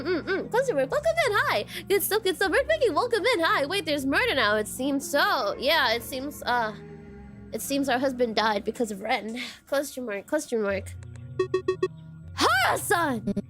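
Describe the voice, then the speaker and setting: A woman streaming a dating sim, reacting to the story and chatting with viewers in an animated, swearing way. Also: high voice, moderate pace, soft background music. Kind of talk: live game commentary reading a dating sim aloud.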